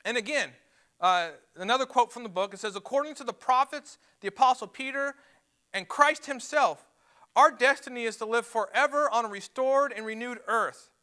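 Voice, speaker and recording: A man's voice: very high-pitched, normal speed, bright, forceful tone. A man preaching a sermon to a church, emphatic and repeating words as he builds his points. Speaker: pastor. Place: church sanctuary.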